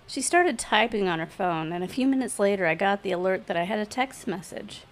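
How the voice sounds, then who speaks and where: Woman narrating a story, even medium voice, just reading it straight. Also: medium pitch, fairly quick, few pauses. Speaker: story reader. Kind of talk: first-person story narration.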